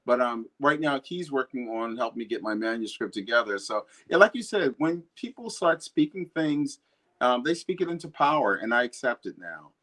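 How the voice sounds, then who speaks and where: A man's voice: medium pitch, lively intonation, normal speed, a bit bright. Earnest man telling his story. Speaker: poet and guest. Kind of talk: casual conversation.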